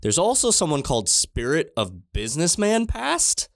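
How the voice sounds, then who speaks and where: A man's voice: fairly high pitch, huge pitch swings, normal speed, creaky. A man co-hosting a podcast, playful and chatty, often laughing. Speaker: podcast co-host. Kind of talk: casual chat.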